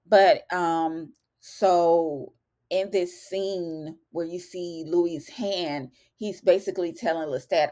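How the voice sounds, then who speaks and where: A woman's voice: fairly low pitch, fairly even intonation, slow pace, darkish tone. A woman chatting casually through a TV episode recap, calling her viewers y'all. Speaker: TV recap vlogger.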